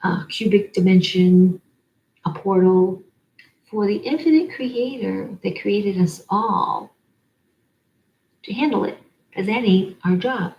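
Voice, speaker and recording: A woman's voice: medium pitch, takes it slowly, long pauses, highs cut off. A woman giving an oracle card reading in a rambling way, stringing words together in long lists. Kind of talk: spiritual card-reading monologue.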